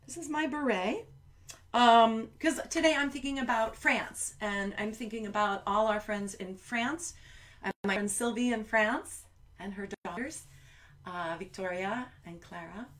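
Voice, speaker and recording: Chatty higher-voiced woman children's musician. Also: unhurried, a bit bright. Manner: chatty, rambling, addresses parents and kids directly. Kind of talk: live-streamed chat between songs. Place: at home.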